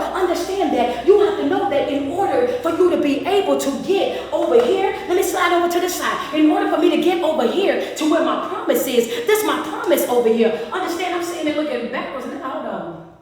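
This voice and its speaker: A woman's voice: high voice, animated, fairly quick, a little mellow. A woman speaker preaching at a whiteboard in call-and-response style, repeating phrases rhythmically, recorded from a distance. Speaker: motivational speaker. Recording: echoey hall from far off.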